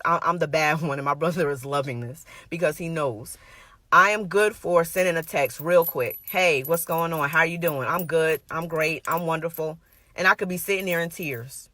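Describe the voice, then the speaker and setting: Bright-voiced woman preaching earnestly. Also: fairly low pitch, no room sound. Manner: earnest, emphatic, personal and repetitive. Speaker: minister. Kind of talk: conversational sermon.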